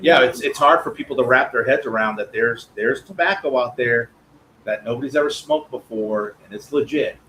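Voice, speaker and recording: A man with a mid-range voice tells animated stories as a guest in a casual interview, acting out what others said. Faint noise hums underneath. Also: medium pitch, normal speed, low-quality recording. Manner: animated anecdotes with quoted voices. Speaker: guest, cigar company owner. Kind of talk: casual interview chat, storytelling.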